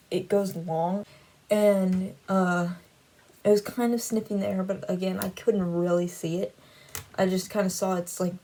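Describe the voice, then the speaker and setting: A woman's voice: mid-range voice, dark tone, low-quality recording. A woman casually recounting a dream in a rambling way, with many "like" fillers, then drawing a faith lesson from it. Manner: rambling, heavy use of "like" fillers. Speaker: Christian vlogger.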